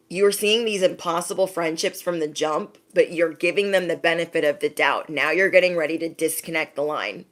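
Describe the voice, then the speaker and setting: A woman giving a casual spiritual pep talk, speaking emphatically, repeating her points, and often asking "okay?". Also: lowish voice. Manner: emphatic, repeats phrases, direct address with frequent "okay?". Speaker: spiritual reader.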